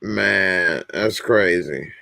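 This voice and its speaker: A man's voice: low-pitched, drawn-out words, vocal fry, bright, forceful tone, no echo, clean studio sound. A man hosting a casual livestream, bluntly commenting and reading viewers' comments aloud. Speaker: livestream host.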